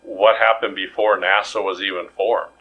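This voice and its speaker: A man's voice: lowish voice, level tone, moderate pace, gravelly, breathy edge, muffled recording. A man co-hosting a podcast in casual chat, rambling and jokey with many restarts. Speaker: podcast co-host.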